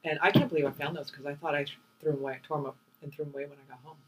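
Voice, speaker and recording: A middle-aged woman, a mother co-hosting a podcast, speaking softly and reflectively about the past. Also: sits low, steady tone, racing. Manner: soft-spoken, emotional, reflective. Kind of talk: casual chat. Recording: distant mic with faint hum.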